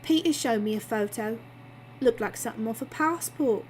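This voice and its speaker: A woman's voice: a little high, normal speed, a little hiss or hum, natural voice. A woman voicing a chatty, cheeky barmaid, telling her story breezily. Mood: breezy.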